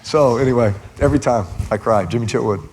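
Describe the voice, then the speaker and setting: Lively, laughing man from Texas. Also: medium pitch, fast talker, a little hiss or hum. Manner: lively storyteller, laughs often. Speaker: guest. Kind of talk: casual chat.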